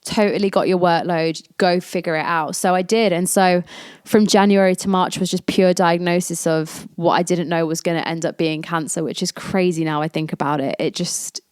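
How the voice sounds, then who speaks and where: A woman's voice: on the low side, fairly even intonation, normal speed, darkish tone, smooth, dry recording, studio quality. A woman, hosting a podcast and candidly telling a personal story in a chatty way, acting out the lines of the people in it. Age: 20s. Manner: candid and chatty, acts out quoted dialogue. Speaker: podcast host.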